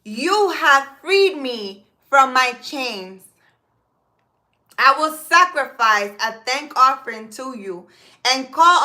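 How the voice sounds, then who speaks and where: Slow, bright-voiced spiritual woman reader. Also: high voice. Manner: emphatic, swears, switches into Spanish words; slow deliberate reading. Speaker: spiritual healer. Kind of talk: casual spiritual talk and scripture reading.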